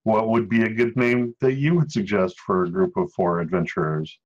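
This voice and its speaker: Game master, man, fairly low voice, dry jokes, muffled lo-fi sound. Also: steady tone, moderate pace. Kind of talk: narrating a tabletop game. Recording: dull lo-fi sound.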